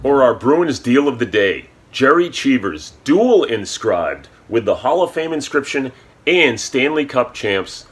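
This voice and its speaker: A man reading a sponsor ad with a brisk, salesy delivery. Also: mid-range voice, very animated, a little hiss or hum. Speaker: ad announcer. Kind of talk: read sponsor ad.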